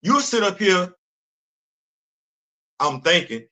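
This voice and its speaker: Older guy ranting on his stream, voice up high, keeps restarting words. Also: takes it slowly. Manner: animated, repeats words when he starts a sentence. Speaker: host. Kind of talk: livestream commentary.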